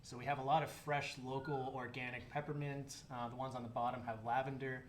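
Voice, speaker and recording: A man's voice: medium pitch, fairly quick. Man talking shop in an echoey room. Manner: relaxed, joking, with fillers and restarts. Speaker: chocolate maker. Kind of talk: casual interview. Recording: echoey room with faint noise.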